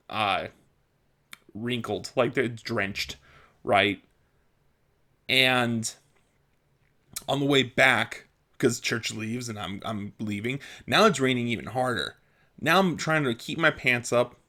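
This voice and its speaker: A man's voice: medium pitch, slow, pauses often, sharp tone. A young man venting in a casual vlog, exasperated and self-mocking, often laughing at his own frustration. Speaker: vlogger.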